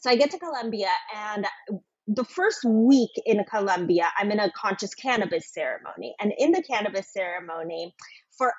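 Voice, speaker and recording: A woman telling a personal story as a podcast guest, earnest and emotional, sometimes dropping to a soft whisper. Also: mid-range voice, expressive, normal speed, husky, no room sound. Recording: dull, lo-fi sound.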